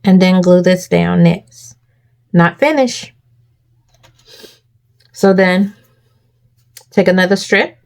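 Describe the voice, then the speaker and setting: A woman's voice: lowish voice, takes it slowly, creaky, long pauses. A woman hosting a crafting tutorial, walking viewers through each step and checking in with them often.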